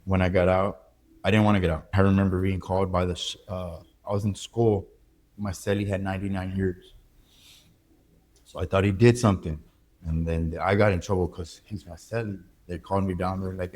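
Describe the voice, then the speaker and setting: Man, low voice, candid halting storytelling, interview guest. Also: flat delivery, darkish tone. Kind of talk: emotional personal interview.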